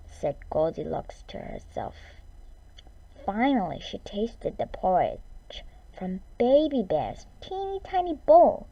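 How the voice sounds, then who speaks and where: Woman, storyteller, slow, lively pitch, mellow tone, dull lo-fi sound. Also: vocal fry. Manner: slow, expressive read-aloud with whispered asides. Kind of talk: children's story reading. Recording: dull lo-fi recording.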